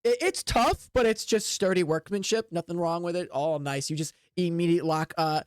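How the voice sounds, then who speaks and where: A game master narrates a tabletop game in a loose, rambling way, leaning on fillers as the scene unfolds. The voice sits at a middle pitch and sounds close and dry. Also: normal speed, clean tone, no room sound. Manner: casual, filler-heavy, rambling.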